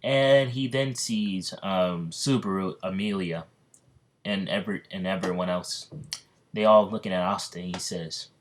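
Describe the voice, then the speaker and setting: Casting: casual male storyteller, deep voice, rambling delivery. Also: measured pace. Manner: rambling, full of fillers and restarts. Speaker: fan story narrator. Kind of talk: casual fan story narration.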